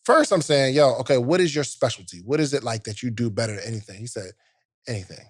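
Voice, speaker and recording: A man's voice: medium pitch, fast, no echo, clean studio sound. A man co-hosting a podcast, casually retelling a story with lots of quoted back-and-forth and street slang. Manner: animated retelling with quoted dialogue, slang-heavy. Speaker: podcast co-host.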